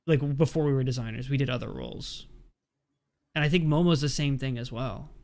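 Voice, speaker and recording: A man's voice: mid-range voice, brisk, a little mellow. A man hosting a casual podcast chat, rambling and correcting himself as he jokes around. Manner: rambling, self-correcting, joking. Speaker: podcast host.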